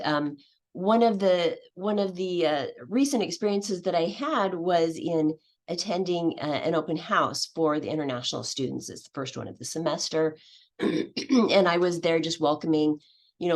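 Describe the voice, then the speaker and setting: A woman's voice: fairly low pitch, moderate pace. A middle-aged woman, an English language teacher, giving a conference presentation in a hesitant way, with many fillers and restarts.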